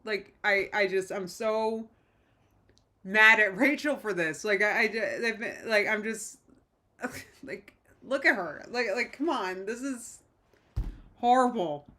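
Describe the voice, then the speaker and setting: Bright-voiced exasperated woman streamer. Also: medium pitch. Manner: exasperated, quick reactions, frequent restarts. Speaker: reaction streamer. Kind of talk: casual live-stream commentary. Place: home.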